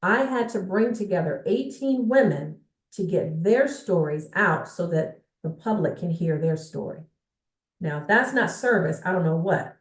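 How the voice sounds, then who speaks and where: Speaking at a measured pace with lively intonation, a woman with a lowish voice delivers an emphatic sales coaching pep talk, frequently checking in with viewers. She's indoors in front of a bookshelf, and the room sounds echoey.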